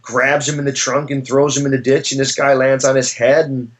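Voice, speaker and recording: A man's voice: medium pitch, level tone, brisk. A man, a professor, talks through philosophical ideas in a conversational interview, searching for his words and reaching for stories to make his points. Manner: thoughtful, searching, with frequent restarts and storytelling asides.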